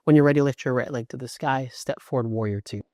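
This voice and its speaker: A man's voice: mid-range voice, fast, mellow, no echo, clean studio sound. A middle-aged man teaching a yoga class, cueing poses in short instructions with an encouraging, chatty manner.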